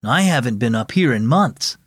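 A man voicing a quiet, thoughtful boy in a children's audio story, speaking in a subdued, earnest way. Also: medium pitch, expressive, moderate pace, breathy edge, no echo, clean studio sound, voice pushed down. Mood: flat.

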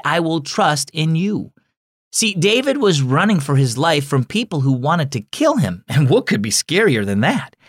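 A man hosting a Christian children's devotional and reading a story aloud, gentle and expressive. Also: fairly high pitch, dry recording, clean studio sound. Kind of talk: scripted narration for children.

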